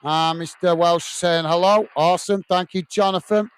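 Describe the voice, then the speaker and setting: Steady in tone and smooth at a normal speed, this high-voiced British man runs a football watch-along in his home studio. He's friendly and conversational, reading viewer comments aloud, thanking people by name, and leaning heavily on fillers.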